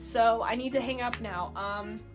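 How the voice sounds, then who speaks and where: A young woman vlogger who reads scary stories aloud in an animated voice, acting out the lines and breaking off to laugh and add chatty asides. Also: a little high, measured pace, faint music behind. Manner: animated, acts out lines in the story.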